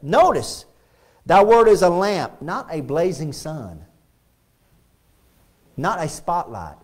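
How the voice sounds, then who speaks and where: A pastor preaching a sermon in a church, swinging between loud and hushed delivery and often repeating phrases. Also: male voice, on the high side, big pitch swings, slow, pauses often, husky. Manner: repeats phrases and restarts lines. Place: church sanctuary.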